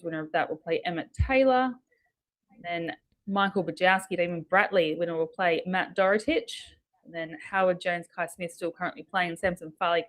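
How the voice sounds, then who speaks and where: An Australian woman rattles through a live darts draw in a brisk, matter-of-fact way, laughing easily. Her voice sits a little low for a woman. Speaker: darts co-commentator. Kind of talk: live results rundown.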